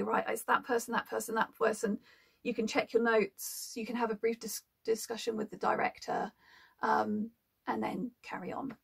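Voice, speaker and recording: A woman talks casually to camera about her work as an audiobook narrator. Her voice sits a little high and carries a gravelly, fry-tinged edge. She is chatty and reflective, pausing often with ums as she thinks. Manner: chatty and thoughtful, with frequent ums. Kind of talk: casual explanatory talk to camera.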